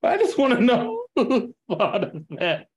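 A man's voice: very high-pitched, huge pitch swings, measured pace. A man co-hosting a casual podcast chat, with loose slangy talk and frequent laughter. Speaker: podcast co-host.

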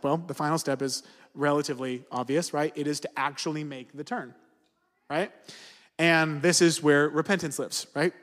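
A man in his thirties preaching a sermon in a conversational way. He often checks in with "you see what I'm saying?". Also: a little high. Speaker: pastor. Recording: long hall reverb.

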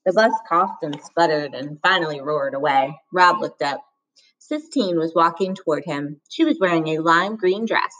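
A woman with a fairly low voice reading a children's novel aloud. Her audiobook narration is measured and steady. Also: poor audio. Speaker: reader.

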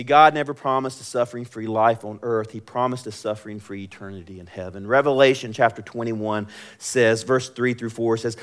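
A young man preaching a sermon, moving between quiet, drawn-out, intimate lines and loud, impassioned passages. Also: medium pitch, smooth. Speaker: pastor.

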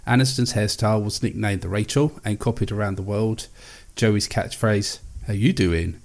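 A podcast host reads trivia aloud at a steady clip, then slips into easy, casual chat. His voice is fairly low with fairly even intonation, normal speed, and a darkish tone.

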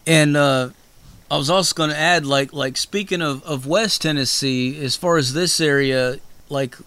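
A man's voice: fairly high pitch, moderate pace, pushed and bright, clean tone, no echo. A man hosting a casual interview, rambling and swearing freely with lots of fillers. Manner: loose, profane, rambling with many fillers. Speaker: host.

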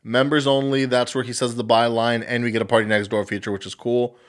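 A man's voice: medium pitch, level tone, a little fast. A young man co-hosting a casual podcast, rambling through his opinions, swearing freely and slipping into mocking impressions. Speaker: podcast co-host. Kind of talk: casual chat.

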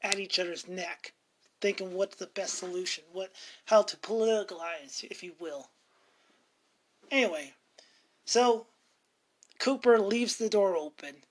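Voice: medium pitch, measured pace, long pauses, slight background noise. A speaker casually recapping a horror movie in a rambling way, often correcting themselves mid-sentence. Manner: rambling, frequently self-correcting.

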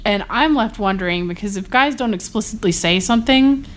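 A woman's voice: medium pitch, fairly quick, slight background noise. A young woman co-hosting a casual podcast from a bed, chatty and retelling scenes at length. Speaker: podcast co-host. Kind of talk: casual chat. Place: bedroom, on a bed.

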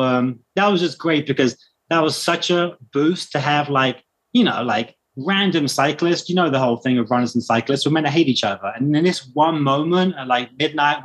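A man with a British accent, casually telling a long story as a guest and acting out the voices of people he met. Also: medium pitch. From Britain. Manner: animated anecdote telling, acting out quoted voices. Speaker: guest runner.

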